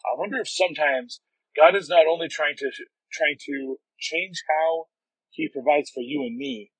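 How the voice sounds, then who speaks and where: A man's voice: on the high side, very animated, normal speed, gravelly, fairly bright tone, husky, no echo, poor audio. A young adult man, a pastor, giving an earnest, conversational devotional talk from home. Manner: earnest, conversational, frequent "right?".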